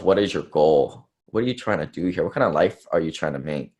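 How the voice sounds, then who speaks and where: At an investor conference, a man somewhere from his late twenties to early forties gives a casual presentation, rambling with fillers and self-deprecating asides. His voice is low-pitched, expressive, fairly quick, and somewhat dark.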